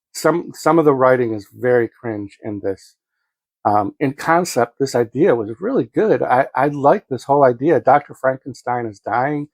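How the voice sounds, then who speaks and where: A man's voice: medium pitch, dry recording. A man giving a casual spoken movie review from his home studio, rambling with many ums and self-corrections.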